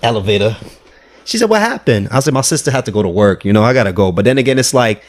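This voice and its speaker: A New man guesting on a casual podcast, talking at a quick clip. He rambles through his story, acting out what each person said. His pitch sits in an ordinary middle range. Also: lively intonation. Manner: rambling storyteller, quotes people in his own voice.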